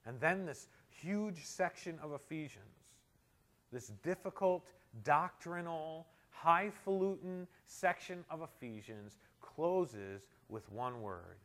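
A male pastor preaching a sermon, moving between loud emphatic climaxes and quiet, intimate stretches. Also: fairly high pitch, expressive, slow pace. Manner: tells humorous anecdotes, shouting quoted amens.

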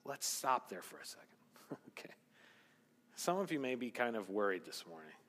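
A man preaching a sermon as pastor, swinging between loud emphasis and hushed asides. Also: medium pitch, sing-song, normal speed. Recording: long hall reverb.

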